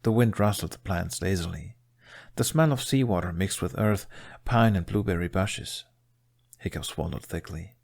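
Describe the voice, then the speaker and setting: A man reading a fan story aloud in a steady, soft-spoken narration. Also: low-pitched, normal speed, gravelly. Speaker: fanfiction reader. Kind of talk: audiobook narration.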